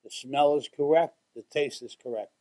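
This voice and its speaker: A man's voice: a little high, moderate pace, warm tone. A man in casual chat, easygoing and jokey, talking as he eats with his mouth full. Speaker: guest tasting food.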